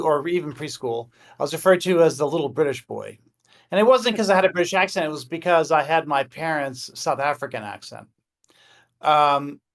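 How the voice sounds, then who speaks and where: General American man, slightly high, hesitant storyteller. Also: fairly bright tone. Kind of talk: casual discussion.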